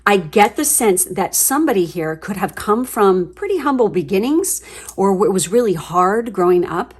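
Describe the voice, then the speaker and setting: A woman giving a casual tarot reading to her viewers, chatty and gushing, swearing freely as she gets excited. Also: medium pitch, normal speed, slightly rough. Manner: chatty, with fillers and trailing asides. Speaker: tarot reader.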